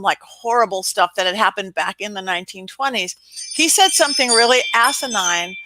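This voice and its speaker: Bright, animated woman telling a story. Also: on the high side, no echo, low-quality recording. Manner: animated, dramatic storyteller who acts out quotes. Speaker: spirit medium and guest.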